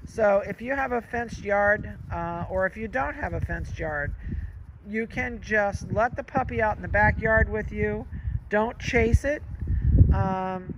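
High-voiced man talking in loud wind. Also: unhurried, dull audio. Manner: chatty, folksy, stops to comment on the puppies. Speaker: dog breeder. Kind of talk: casual outdoor advice talk. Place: outdoor yard on a hill. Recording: loud wind noise outdoors. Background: wind and puppies playing.

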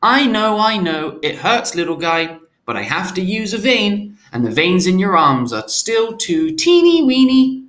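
A man voicing a gentle male nurturer who coos at newborns in sing-song baby talk. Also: sits high, very animated, a little slow, hardly any pauses, echoey room, pitched above the performer's own voice, full character voice. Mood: cooing.

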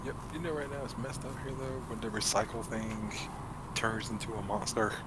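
A man's voice: fairly low pitch, steady tone, moderate pace, background noise. A man on a game stream making dry, teasing remarks to his friends. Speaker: co-player on a stream. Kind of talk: casual game chat.

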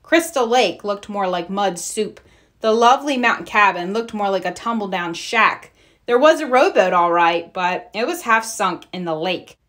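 Lady reading a kids' storybook out loud, lively, gives each character a little voice. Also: medium pitch, moderate pace. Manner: expressive, acts out characters' lines. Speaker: storybook reader. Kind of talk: read-aloud storybook narration.

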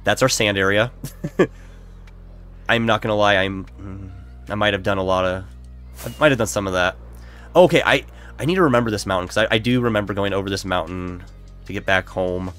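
With lo-fi music playing, a man live-streams Minecraft, chatting casually with viewers and making fun of himself. Allergy congestion makes him sound nasal, and his lowish, fairly bright voice moves at a moderate pace with frequent pauses.

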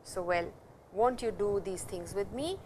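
A woman teaching a language lesson, explaining slowly and repeating each example sentence. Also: medium pitch, a little mellow, slight background noise, poor audio. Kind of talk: classroom lecture.

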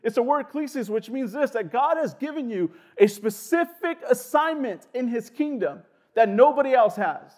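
A young male pastor preaching a sermon in a casual, animated way, with lots of "like" fillers and quick asides. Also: very high-pitched.

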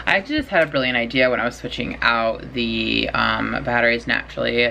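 Casting: young woman, casual home vlogger, low voice, faint room hum, rambling, self-mocking. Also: lively intonation, fairly quick, vocal fry, sharp tone. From California. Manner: rambling, chatty, self-deprecating. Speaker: writing vlogger. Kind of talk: casual vlog chat. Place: bedroom at home, in doors.

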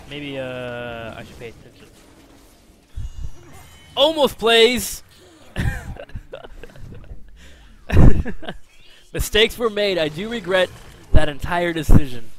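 Chatting his way through a video game, a man mocks himself casually, alternating between excited bursts and quiet mumbles. Some slight background noise is audible.

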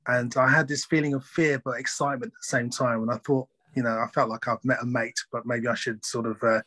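A man in the host seat asks questions and shares a short story of his own, pausing often on fillers. His voice sits at a middle pitch. The sound is dry and close, over a video call. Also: flat delivery, sharp tone, no room sound. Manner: hesitant, filler-heavy questioning. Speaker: webinar host. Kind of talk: interview questions and chat.

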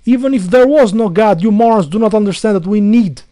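A man's voice: sits high, a little fast, warm tone, no room sound. A man delivering an angry ranting monologue to viewers, full of insults, repetition and stumbling restarts. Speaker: video blogger.

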